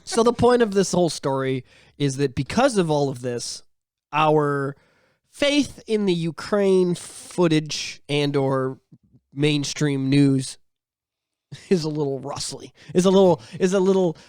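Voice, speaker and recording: A man co-hosting a casual podcast, ranting in a crude, animated way and jumping into loud quoted voices. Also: a little high, unhurried, clean tone, no room sound, studio quality. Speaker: podcast co-host.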